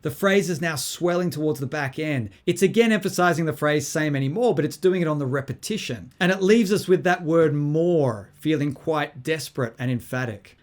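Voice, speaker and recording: A man giving a songwriting lesson, explaining clearly and methodically while playing guitar. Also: on the high side. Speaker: songwriting teacher. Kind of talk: instructional lesson with guitar demonstrations. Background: his own guitar playing.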